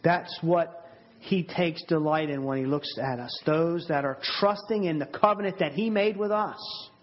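A man preaching a sermon, earnest and emphatic, often repeating words and slowing down to stress them. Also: fairly high pitch. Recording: dull lo-fi sermon audio.

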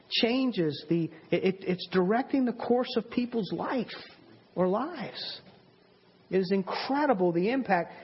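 A husky-voiced man preaches with earnest emphasis, and his voice sits somewhat high for a man. He repeats words and restarts his sentences as he presses each point home. The recording is dull and lo-fi. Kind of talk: sermon.

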